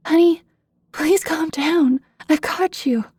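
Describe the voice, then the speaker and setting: A woman voicing a relieved, tearful mother who speaks softly and soothingly. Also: high-pitched, slow, no echo, clean studio sound, pitched above the performer's own voice. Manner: soft, soothing.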